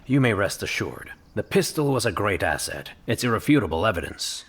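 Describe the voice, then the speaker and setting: A deep, servile henchman. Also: big pitch swings, fairly quick, vocal fry, breathy edge, heavily acted. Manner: deferential reporting. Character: obedient male henchman, servile.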